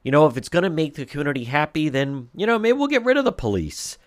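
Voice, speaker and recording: A man's voice: a little high, sing-song, fast talker, dry recording, clean studio sound. A man hosting a talk radio show, delivering an indignant monologue full of rhetorical questions and mocking impressions.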